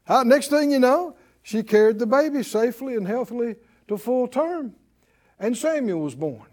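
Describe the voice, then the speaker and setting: A man delivers a sermon with a notably high, very animated voice that climbs and dips constantly. He talks conversationally and keeps prodding his congregation with questions. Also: moderate pace. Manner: conversational preaching, calls out to congregation. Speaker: preacher.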